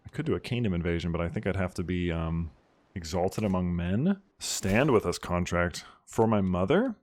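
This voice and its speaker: A man hosting a strategy game playthrough, chatting casually and bursting into loud mock outrage and cheering. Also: sits low, animated, fairly quick. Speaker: gaming video host. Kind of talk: casual let's-play commentary.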